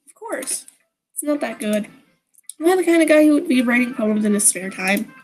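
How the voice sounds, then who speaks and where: A woman's voice: on the high side, animated, moderate pace, darkish tone, close to an everyday voice, low-quality recording. A woman voicing an awkward teenage boy protagonist who talks in a dry, sheepish way.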